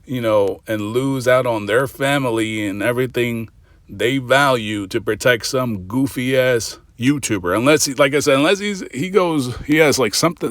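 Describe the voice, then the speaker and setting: A man's voice: mid-range voice, a bit bright, dry recording. A man hosting a reaction channel, giving casual commentary that is skeptical and ranting and that keeps repeating its points.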